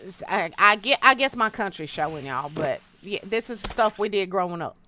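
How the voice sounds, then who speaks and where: Bright-voiced woman telling stories. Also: medium pitch, lively intonation, moderate pace, slight background noise. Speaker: streamer. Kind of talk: casual storytelling while gaming.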